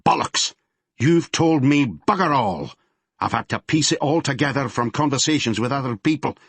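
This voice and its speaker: Gruff Glaswegian detective, as a husky-voiced man puts him on. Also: mid-range voice, animated, moderate pace, a bit bright, dry recording, pitched above the performer's own voice. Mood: menacing. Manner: snarling, interrogating. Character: gruff Glaswegian male police detective, bullying. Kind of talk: audiobook character reading.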